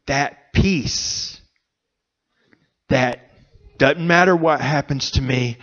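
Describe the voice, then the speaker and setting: A man preaching a sermon in a church, speaking slowly and earnestly with pauses between phrases. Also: mid-range voice, a bit bright, highs cut off. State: emotional, choked up. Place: church sanctuary.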